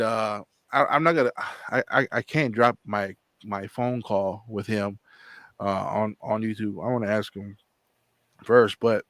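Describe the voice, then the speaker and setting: A man tells a long, meandering story in casual chat, slipping into quoted lines as he goes. His voice sits on the low side, and it is recorded close and dry with no room sound around it. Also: a bit bright, dry recording. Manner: rambling, repeats words and acts out quotes. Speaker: channel host.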